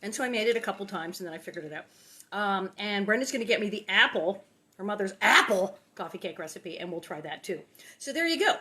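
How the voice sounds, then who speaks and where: A woman's voice: medium pitch, animated, fast, pushed and bright. A woman hosting a casual home cooking demo in her kitchen, chatty and playful, exclaiming often. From Los Angeles. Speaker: cooking show host.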